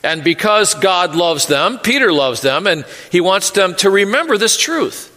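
A man's voice: high voice, very animated, a little slow, pushed and bright. A male pastor preaching an earnest sermon with light humor, often stumbling and repeating words. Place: church sanctuary. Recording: echoey sanctuary reverb.

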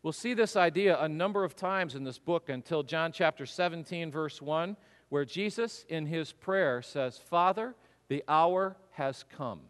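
A man preaching a sermon, telling the story with lively, acted-out voices. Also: fairly high pitch, moderate pace, smooth, big-room sound. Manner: animated storytelling, acts out voices. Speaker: pastor.

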